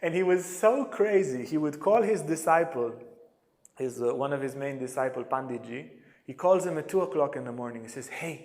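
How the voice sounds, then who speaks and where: Animated male yoga teacher in an echoey hall. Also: mid-range voice, fairly quick. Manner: animated storyteller, acts out quotes. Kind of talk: storytelling lecture.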